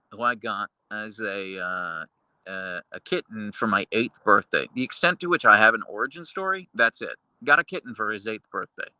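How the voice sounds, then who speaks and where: A man's voice: on the low side, sharp tone, dry recording. A man hosting a live stream, reading chat in a casual, rambling way with lots of fillers and sometimes talking to his dogs. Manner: baby-talks his dogs at times. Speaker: livestream host reading chat.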